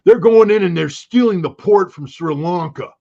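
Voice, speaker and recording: A man's voice: high-pitched, moderate pace, gravelly, mellow, voice pushed up. A man in his sixties mocking a dim-witted American man who repeats news talking points, with an exaggerated, indignant delivery. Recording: dull lo-fi recording.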